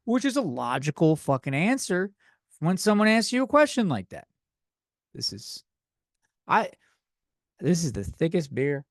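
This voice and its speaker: Young guy yapping into a desk mic, bit high voice, dry sound, rambly and sweary. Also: no room sound. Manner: rambling, profane, self-deprecating. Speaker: podcast host. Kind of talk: comedic rant podcast. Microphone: desk microphone.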